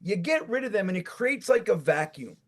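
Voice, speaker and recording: A man co-hosting a casual sports podcast with a New York accent, talking in an animated, profane rant that builds to shouts. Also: sits high, fairly quick. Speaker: podcast co-host.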